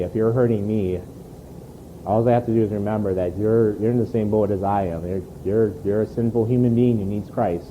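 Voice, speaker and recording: A man's voice: fairly low pitch, mellow, slight background noise. Earnest preacher man, lo-fi recording. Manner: earnest, conversational, repeats words when restarting. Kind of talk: sermon. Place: church.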